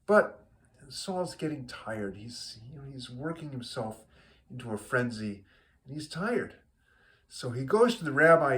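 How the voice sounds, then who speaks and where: An easygoing man tells a long shaggy-dog joke at an unhurried pace. His delivery is loose and rambling, with plenty of fillers and restarts. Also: mid-range voice, sing-song, fairly bright tone. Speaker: joke teller. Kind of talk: told joke, casual storytelling.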